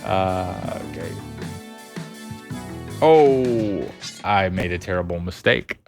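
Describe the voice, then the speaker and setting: A man's voice: low-pitched, slow pace, vocal fry, soft background music. A man streaming a platform game, chatting casually with his viewers and laughing often. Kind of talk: casual gameplay chat with chat readers.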